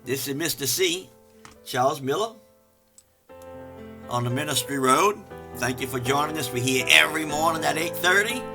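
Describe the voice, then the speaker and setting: An older man preaching an energetic, folksy sermon, animated and self-mocking, swinging from loud outbursts to hushed asides. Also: fairly high pitch, moderate pace, creaky, long pauses, music in the background. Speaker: pastor.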